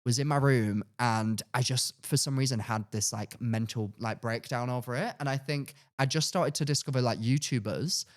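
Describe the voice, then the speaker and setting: A young man, a podcast co-host telling a personal story in a casual, animated way, acting out his own past lines. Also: normal speed, few pauses. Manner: animated, acts out his past self with sudden high-pitched outbursts.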